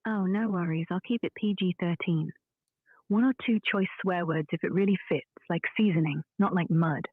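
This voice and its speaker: A woman's voice: lowish voice, normal speed, breathy edge, no room sound. A woman's AI voice with a British accent, chatting in a witty, dry, frank way. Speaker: AI voice assistant. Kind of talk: conversational chat. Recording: tinny phone-like audio.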